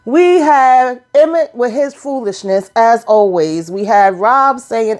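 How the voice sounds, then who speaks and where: Sassy, animated woman recapping a show. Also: fairly high pitch, slow pace, few pauses. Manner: sassy, animated, colloquial, addresses viewers directly. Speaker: TV recap vlogger. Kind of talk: casual TV episode recap.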